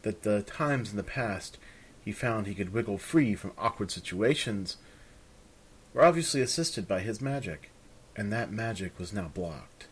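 Brief: calm male fantasy narrator, low and husky. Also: unhurried. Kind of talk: fantasy story reading.

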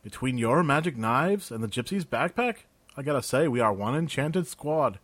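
A man voicing a blunt male army sergeant who speaks firmly in a clipped, quietly threatening way. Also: medium pitch, expressive, moderate pace, dry recording, pitched above the performer's own voice.

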